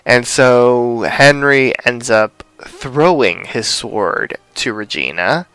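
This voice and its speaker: Young male podcast co-host, smooth clear voice, dry close sound, rambling casual recap. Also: medium pitch, expressive, slow pace, fairly bright tone, no room sound. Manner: rambling, lots of fillers, acts out quotes.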